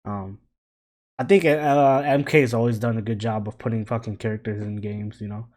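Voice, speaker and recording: A man's voice: fairly low pitch, fairly even intonation, normal speed, darkish tone. A young man co-hosting a gaming podcast in casual chat, laid-back, swearing and laughing often. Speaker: podcast co-host.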